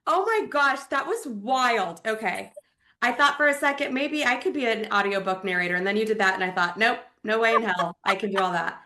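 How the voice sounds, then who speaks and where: A woman hosting a casual interview, a little sick so her voice sits deeper than usual, chatty and enthusiastic. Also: animated, brisk, sharp tone. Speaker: podcast host.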